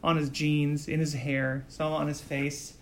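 A man's voice: on the high side, little pitch movement, a little slow, fairly bright tone, a little hiss or hum. A man acting as game master, narrating a tabletop role-play game in a casual, loose way.

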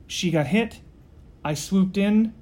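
A protective male guardian, put on by a man running a tabletop game, terse and defensive. The voice is slightly high for a man and stays close to the performer's own. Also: slow, a little mellow.

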